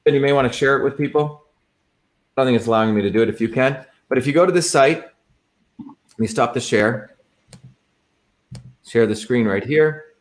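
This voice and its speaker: A man's voice: medium pitch, moderate pace, pauses often. A man who is a political candidate, giving a combative, repetitive campaign talk over a livestream.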